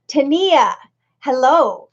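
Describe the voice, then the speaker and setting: A woman's voice: sits high, big pitch swings, drawn-out words, dull audio. A middle-aged woman hosting a casual live-stream tarot reading. She chats, greets viewers by name and rambles from point to point.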